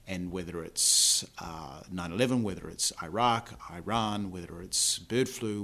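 A man's voice: fairly low pitch, gravelly, a bit bright. A middle-aged man with a New Zealand accent, answering interview questions in a friendly, thoughtful way. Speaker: airport chief executive. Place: hotel room.

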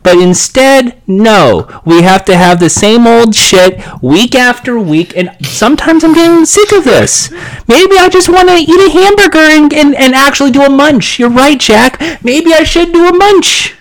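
High-voiced man in a profane mock rant. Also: lively intonation, unhurried, rough recording. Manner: profane, shouty fake rant. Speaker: podcast co-host. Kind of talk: mock-angry ranting banter.

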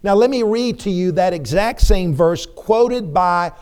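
A man preaches slowly and deliberately in a church service. His voice sits a little higher than most men's. He drives his points home with repeated phrases and pointed rhetorical questions, swelling and dropping in intensity. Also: animated, a little mellow, clean tone. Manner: emphatic, repetitive rhetorical questions, rising and falling intensity. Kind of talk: sermon. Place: church sanctuary.

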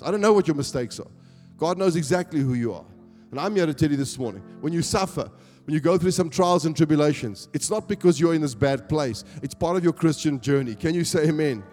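A South African pastor preaches to his congregation, his fairly high voice swelling into emphatic calls for an amen. The sound carries the long reverb of a church hall, with faint music underneath. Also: darkish tone. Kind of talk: sermon.

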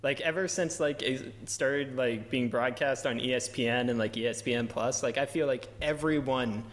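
A man's voice: mid-range voice, moderate pace. A man co-hosting a sports podcast in casual chat, rambling and stammering, full of jokes and filler. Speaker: podcast co-host.

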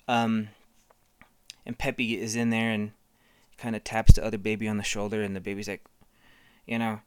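A comedian telling a rambling, profane improvised story in a deadpan way. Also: medium pitch, moderate pace, long pauses, smooth, dry recording, studio quality.

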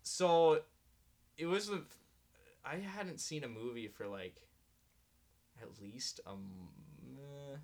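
A man's voice: mid-range voice, animated, slow pace, pauses often, a little mellow. A man co-hosting a podcast, chatting casually and rambling with many fillers and frequent laughs. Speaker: podcast co-host. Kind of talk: casual chat.

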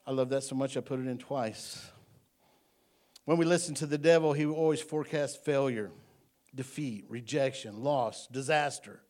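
A man's voice: medium pitch, normal speed, a little mellow. A male pastor preaching a sermon in church, folksy and joking, then building to emphatic repeated lines.

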